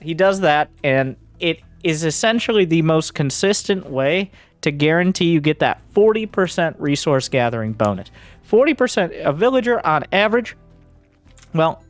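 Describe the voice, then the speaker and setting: A man coaching as he reviews gameplay, blunt, sarcastic and profane. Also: on the high side. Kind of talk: game coaching commentary.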